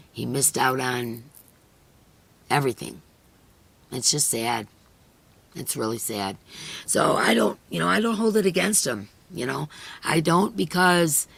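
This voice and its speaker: A middle-aged woman hosting a crochet live stream, chatting earnestly and emotionally with viewers, her voice hoarse and fading. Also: very deep voice, fairly bright tone. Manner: earnest and emotional, many "you know" fillers. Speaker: crochet channel host. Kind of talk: casual chat on a live stream, reading viewer comments.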